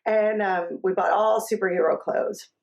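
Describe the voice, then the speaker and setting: A woman in her thirties tells her family's story for a documentary, pausing often as she speaks. Her voice has a gravelly, fry-laced texture. It sits at an ordinary middle pitch for a woman. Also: fairly even intonation, darkish tone, rough recording. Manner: halting, personal storytelling with pauses. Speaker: mother of a transgender child.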